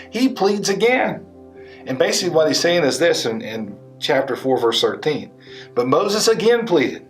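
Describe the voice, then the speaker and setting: Pastor guy preaching, acts out the story voices, soft music under it. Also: on the high side. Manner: animated storytelling, voicing biblical figures in quotes. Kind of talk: sermon.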